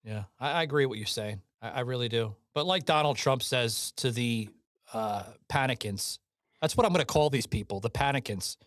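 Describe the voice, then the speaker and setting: A man's voice: mid-range voice, normal speed, a bit bright, no room sound. A man co-hosting a podcast in a studio, chatting casually with lots of swearing, laughter and banter. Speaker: podcast co-host. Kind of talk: casual political chat.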